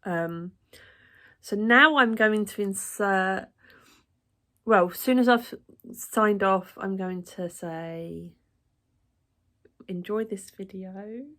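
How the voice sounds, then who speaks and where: A woman's voice: mid-range voice, slow, a bit bright. A woman chatting casually to camera in her home kitchen, self-deprecating and giggly. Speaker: vlogger.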